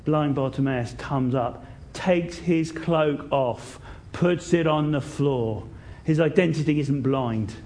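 A man preaching a sermon, telling a story in an animated way and swinging between loud bursts and hushed moments. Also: on the high side, slow pace.

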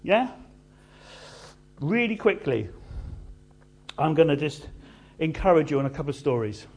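A man preaching a sermon in an animated, conversational way with playful asides. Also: a little high, a little slow.

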